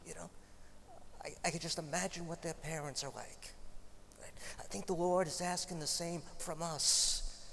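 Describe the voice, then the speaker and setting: A man's voice: on the high side, steady tone, moderate pace, gravelly, fairly bright tone, in a large hall, slight background noise. A male preacher giving a sermon, telling stories in a conversational way with light humorous asides.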